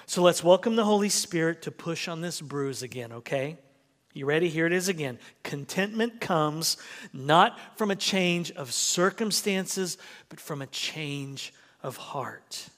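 A man's voice: on the high side, animated, measured pace, fairly bright tone, long reverb tail. A man preaching a sermon as pastor, emphatic and full of rhetorical questions, in a church sanctuary.

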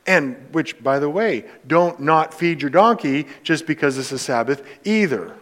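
A man's voice: fairly high pitch, animated, a little slow, hardly any pauses, a bit bright. A man preaching a sermon to his congregation, emphatic and direct, asking rhetorical questions. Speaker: pastor.

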